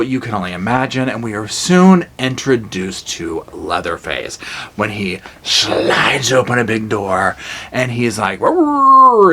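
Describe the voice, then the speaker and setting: A man giving a casual, animated horror movie review, retelling scenes with blunt, jokey asides. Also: on the low side. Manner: animated storytelling with acted-out quotes.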